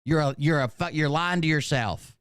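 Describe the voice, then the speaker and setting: A man's voice: on the high side, moderate pace, a bit bright, no echo, clean studio sound. Profane, fired-up man streamer. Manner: profane, emphatic, talks to chat directly. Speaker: commentary streamer. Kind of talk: unscripted commentary rant.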